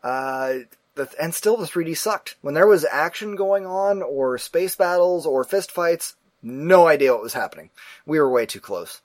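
A man hosting a casual talk show, telling a story in a profane, animated way and acting out the people in it. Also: fairly high pitch, moderate pace, no room sound. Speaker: podcast host.

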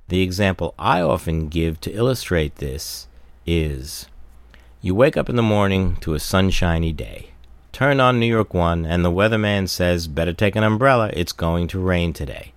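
A man's voice: low-pitched, lively intonation, moderate pace, vocal fry, no room sound. A man giving a recorded Bible study talk, explaining verses steadily and stressing key words. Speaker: Bible teacher.

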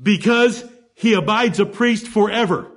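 High-voiced emphatic male preacher. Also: expressive, unhurried. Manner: emphatic, with rhetorical questions. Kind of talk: sermon, verse-by-verse Bible teaching.

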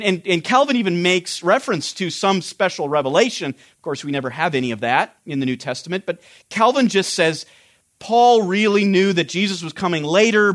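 A man teaches a Bible study in a high voice. He explains the text earnestly and often restarts his sentences. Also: fairly bright tone.

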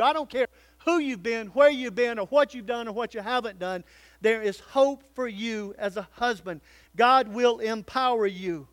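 A male pastor preaching a sermon, swinging between loud calls and hushed, earnest pleading. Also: sits high, dry recording.

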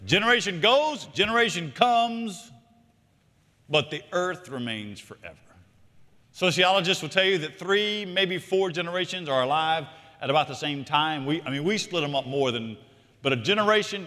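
A man preaching a sermon, animated, shifting between loud emphatic lines and quiet asides. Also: on the high side, big-room sound. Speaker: pastor.

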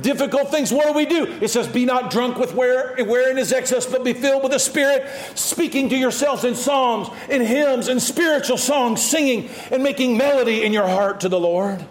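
Impassioned high-voiced male pastor preaching. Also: normal speed, hardly any pauses, echoey room. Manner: impassioned, shouting, swings from loud to quiet. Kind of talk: sermon.

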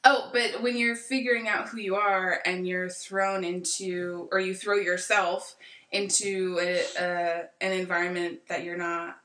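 Bright-voiced young American woman, roomy. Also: on the low side, little pitch movement, unhurried, distant mic. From United States. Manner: reflective, rambling with many fillers. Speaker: podcast guest. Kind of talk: casual conversation.

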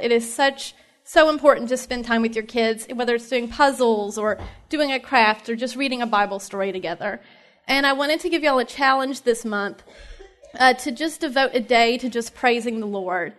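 High and a bit bright, the voice belongs to a thirtysomething Southern woman from East Tennessee addressing a moms' ministry group. Her talk about her faith is personal, sincere and chatty, full of fillers and laughs.

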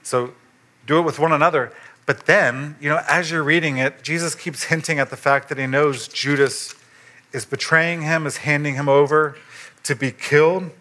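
Bright-voiced man preaching conversationally. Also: on the high side, normal speed. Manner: conversational preaching, animated rises for emphasis. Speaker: pastor. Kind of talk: sermon.

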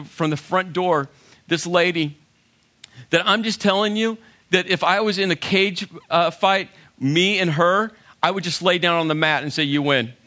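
A middle-aged man telling a funny story to an audience, lively, with acted-out quotes. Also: sits high. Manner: animated, humorous, acts out quotes. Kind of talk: storytelling talk.

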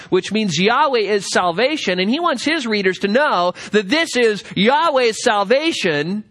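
A man teaching a Bible study lecture, directing listeners to passages and reading scripture aloud slowly with emphasis. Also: high-pitched, a bit bright.

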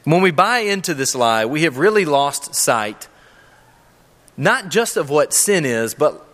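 Pastor, male, earnest and emphatic sermon delivery, fairly high bright voice, long hall reverb. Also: big pitch swings, measured pace. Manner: earnest, emphatic preaching with rhetorical questions. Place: church sanctuary with a live audience.

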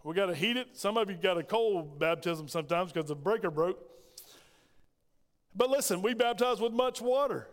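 A man delivers a sermon as pastor, stacking rhetorical questions and slipping into the voices of the people he quotes. His voice sits fairly high. The sound carries a long reverb from the church sanctuary. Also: lively intonation, normal speed. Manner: preaching with rhetorical questions, quoting scripture in acted voices.

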